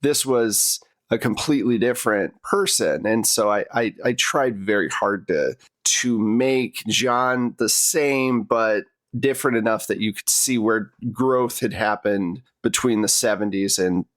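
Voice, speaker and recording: A man's voice: lowish voice, measured pace, dry recording. A man who plays in a tabletop game, talking loosely about the campaign with lots of restarts. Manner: rambling, full of restarts and fillers. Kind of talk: casual discussion of a finished campaign.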